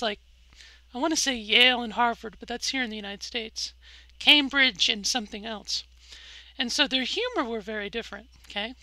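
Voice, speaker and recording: Candid middle-aged woman, bright and dry. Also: fairly high pitch, no echo, poor audio. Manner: rambling, candid, with frequent fillers and restarts. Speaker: vlogger. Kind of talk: candid personal vlog.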